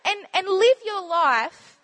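A high-voiced woman gives a casual sermon talk in a church. She is bubbly and chatty and laughs often as she speaks. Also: animated, slow pace, a bit bright. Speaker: church speaker sharing testimony.

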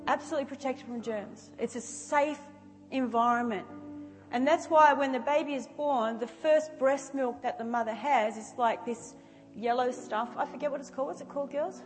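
High-voiced woman preaching in an echoey hall. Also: moderate pace, soft background music. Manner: conversational, animated, acts out scenes. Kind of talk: sermon. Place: church hall. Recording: reverberant hall.

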